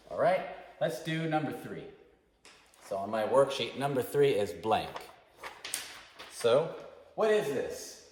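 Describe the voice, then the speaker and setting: A man's voice: medium pitch, sing-song, takes it slowly, long pauses, a little mellow. A man teaching an English class, explaining patiently and encouragingly to students. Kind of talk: classroom instruction. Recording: echoey room with long reverb.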